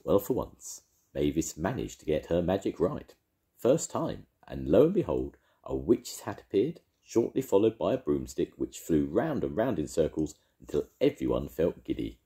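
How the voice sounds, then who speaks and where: An older man reading a children's story aloud with gentle, expressive storytelling. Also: rumbling low, normal speed.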